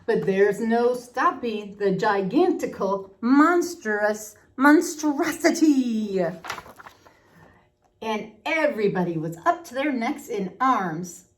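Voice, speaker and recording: A woman's voice: fairly high pitch, animated, slow. A woman voicing a bouncy, irrepressible male tiger who tells a monster story with dramatic, hooting delight. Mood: gleeful.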